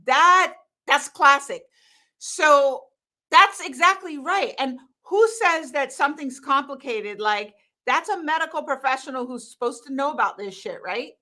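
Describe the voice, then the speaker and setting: A woman hosting a live stream as a hormone coach, talking bluntly and laughing often. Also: high voice. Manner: animated, laughing, blunt and emphatic. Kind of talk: casual live-stream talk to viewers.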